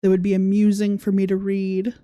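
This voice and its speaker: A woman hosts a casual livestream, with sarcastic commentary broken up by frequent laughter. Her voice is mellow and warm, sitting at an ordinary middle pitch. She reads viewer comments aloud in an easygoing way. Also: completely flat delivery, a little fast, muffled recording. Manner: sarcastic, laughs often while talking. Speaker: podcast host.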